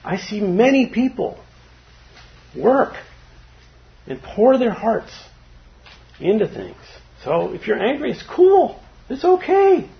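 A man giving a casual, informal dharma talk to a group, chatty and quick to laugh. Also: very high voice, very animated, gravelly. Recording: dull lo-fi recording.

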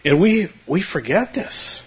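A man's voice: high voice, big pitch swings, a little slow. A man giving a conversational, humorous Zen dharma talk, now and then acting out his students' voices. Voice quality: husky. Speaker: Zen teacher. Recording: dull lo-fi recording.

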